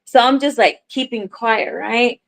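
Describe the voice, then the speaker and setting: Animated woman telling a casual story. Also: a little high, a little slow, gravelly, rough recording. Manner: animated storyteller, acts out dialogue, swears casually. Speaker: crochet content creator on a livestream. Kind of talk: casual livestream chat, storytelling.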